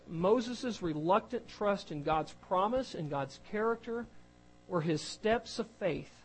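A man's voice: sits high, husky, low-quality recording. A man preaching an earnest sermon, reading scripture and acting out quoted speakers. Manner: earnest, acts out quoted voices, varies loudness.

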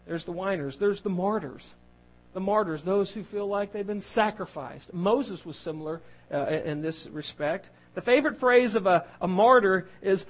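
A man with a high-pitched voice preaches a sermon as pastor. He talks in a conversational, self-deprecating way and keeps turning to his congregation with questions. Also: unhurried, gravelly, a little hiss or hum, poor audio.

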